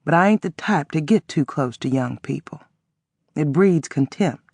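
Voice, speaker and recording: A man voicing a wheezing old man who speaks in a low, weak voice with a blunt, folksy manner in an audiobook. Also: animated, moderate pace, darkish tone, breathy edge, dry recording.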